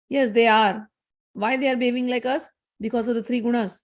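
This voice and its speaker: A woman's voice: on the high side, steady tone, fairly quick, a little mellow. A woman, a spiritual teacher retelling scripture stories in a conversational lesson, often repeating and restarting phrases.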